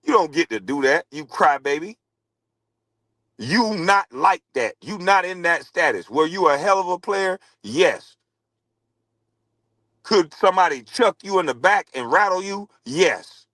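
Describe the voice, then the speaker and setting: A man on a heated rant, mocking and scornful, his voice pitched on the high side. The sound is close and dry, with no room in it. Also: expressive, measured pace, a bit bright, dry recording, rough recording. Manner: scornful, mocking, repeats taunts. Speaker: former pro basketball player. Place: podcast studio.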